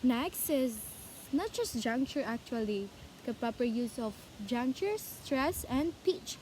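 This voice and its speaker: Young cebuano-accented woman teaching online, high voice, slow, keeps repeating and asking the class stuff. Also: expressive, a little mellow, slight background noise. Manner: repetitive, self-correcting, asks the class questions.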